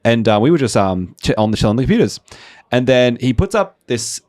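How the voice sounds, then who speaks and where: A young man co-hosting a podcast, telling stories in a casual, animated way and acting out the people in them. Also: medium pitch, brisk, no room sound, studio quality. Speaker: podcast co-host. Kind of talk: casual storytelling chat.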